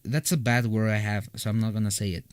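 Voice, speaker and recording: A man's voice: on the low side, fairly even intonation, quick pace, smooth, no echo. A young man from Colombia chatting casually with his live-stream audience from his home recording room, rambling and joking with loose restarts. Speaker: streamer answering chat.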